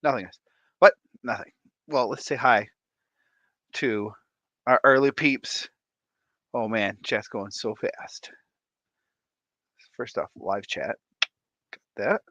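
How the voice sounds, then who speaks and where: A man hosting a casual livestream chat, playful and animated, tired and a bit congested, talking on a close desk mic. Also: mid-range voice, slow pace, pauses often, no room sound. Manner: animated, playful, breaks into laughs and silly voices. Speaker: livestream host.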